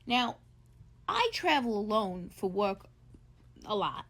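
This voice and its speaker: A woman's voice: medium pitch, slow pace. A woman with a New Jersey accent telling a travel story to camera, blunt and swearing often. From New Jersey, United States. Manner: blunt, swears a lot, animated retelling.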